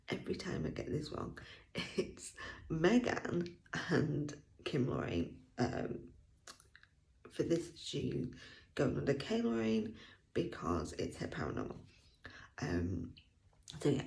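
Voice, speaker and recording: A chatty woman reviews an audiobook in a casual vlog. Her voice swoops wildly up and down with a gravelly, fry-laden edge. She laughs often and at times sinks to a near whisper. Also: sits low, a little mellow. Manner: chatty and enthusiastic, laughs often, trails off with fillers. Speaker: book reviewer.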